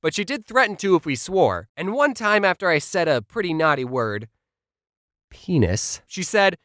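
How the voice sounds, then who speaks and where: A young man telling comedic childhood stories in a sarcastic, animated scripted style. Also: sits high, moderate pace, no room sound, studio quality. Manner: sarcastic, animated, jumps between voices. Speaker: comedy YouTuber.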